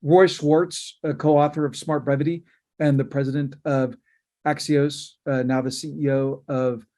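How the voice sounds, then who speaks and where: A man, a news company cofounder, giving emphatic, fast-flowing answers as an interview guest. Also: fairly high pitch, little pitch movement, dark tone.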